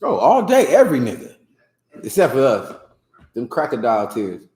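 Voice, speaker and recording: Brief: male class instructor, casual and animated, lively pitch swings, echoey room. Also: moderate pace. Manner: animated, laughing, mock voices. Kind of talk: casual teaching commentary.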